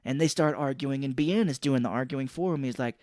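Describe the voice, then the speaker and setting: A man's voice: mid-range voice, a little fast, darkish tone, no echo, studio quality. A man co-hosting a podcast, casually retelling a movie plot in a rambling way and swearing offhand. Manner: rambling storyteller who acts out characters and swears casually. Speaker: podcast co-host.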